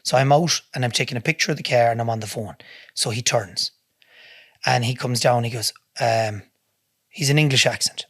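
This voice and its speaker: A man's voice: mid-range voice, brisk, fairly bright tone, no echo. An Irish man, a podcast guest, telling a story in a blunt, heavy-swearing way in a studio. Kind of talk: casual storytelling.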